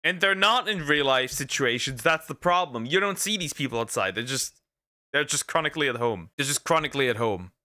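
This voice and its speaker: A man's voice: medium pitch, lively intonation, brisk, sharp tone, no room sound, clean studio sound. A man giving casual reaction commentary, rambling, repeating himself and restarting his sentences often. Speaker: reaction streamer.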